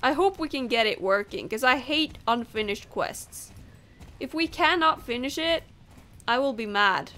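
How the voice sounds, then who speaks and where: A woman's voice: on the high side, expressive, a little slow, bright, forceful tone. A woman who is not a native English speaker, chatting casually over gameplay and laughing off her own misreads. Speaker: gamer.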